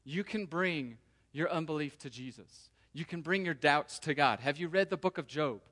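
Man, pastor preaching a sermon, earnest, slightly high voice, long hall reverb. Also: moderate pace, fairly bright tone. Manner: earnest, preacherly, voices inner prayers aloud.

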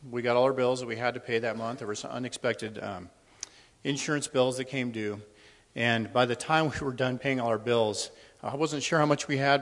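Gravelly man telling his testimony. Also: medium pitch. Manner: conversational and a little nervous, with many ums and restarts. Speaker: church member sharing a testimony. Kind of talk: personal testimony told to a congregation. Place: church hall. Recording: long hall reverb.

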